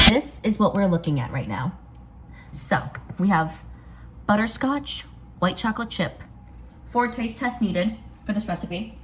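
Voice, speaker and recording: A woman filming a casual baking vlog in her home kitchen, excitable and quick to gasp and exclaim. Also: fairly low pitch, background noise. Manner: excitable, gasps and exclaims often. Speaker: vlogger.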